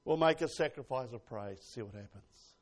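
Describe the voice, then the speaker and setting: This sermon comes from a man with a medium-pitched, expressive voice who alternates between soft asides and loud exclamations, slowing down to read scripture with emphasis.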